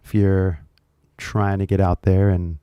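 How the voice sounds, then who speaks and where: A man's voice: low voice, flat delivery, a little slow, mellow, clean tone, no room sound. A man with a Californian accent, casually chatting to camera as the host of an English-learning video, rambling and jokey with lots of fillers.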